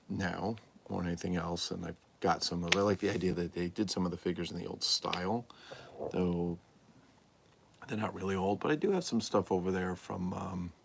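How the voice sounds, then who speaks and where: Low gravelly-voiced man chatting live. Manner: rambling, answers viewer comments aloud. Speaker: livestream host and toy collector. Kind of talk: casual live-stream chat. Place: home room full of collectibles.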